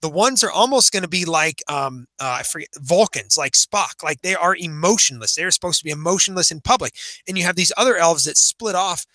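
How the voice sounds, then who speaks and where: A male podcast co-host with a high, bright voice talks eagerly in casual chat. He thinks aloud and often restarts his sentences. The recording is dry and close, with no room sound. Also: animated, fairly quick, dry recording.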